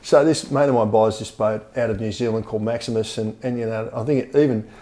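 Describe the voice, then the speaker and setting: Older Australian man, mellow storyteller. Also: on the low side, fairly even intonation, fast talker. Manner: rambling, repeats words, often says mate. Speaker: podcast guest. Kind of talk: storytelling in a casual interview.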